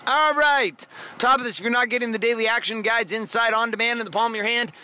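A man's voice: very high-pitched, fast, sharp tone. A man hosting a motivational podcast, talking bluntly and profanely in a fired-up monologue. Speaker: podcast host.

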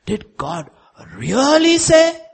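A preacher voicing the devil as a sly tempter, with high, drawn-out, mocking questions. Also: male voice, huge pitch swings, gravelly, exaggerated voice.

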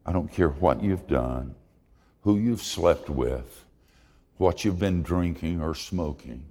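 A deep, gravelly man preaches slowly, his pitch swinging widely as he leans into funny, confessional stories. A long hall reverb lingers behind his words. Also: expressive, dark tone. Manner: folksy, humorous and confessional. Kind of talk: sermon with storytelling.

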